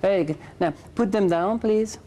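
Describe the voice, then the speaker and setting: A woman's voice: medium pitch, normal speed, dark tone, a little hiss or hum. A woman teaching English conversation in class, patiently correcting and repeating her students' sentences.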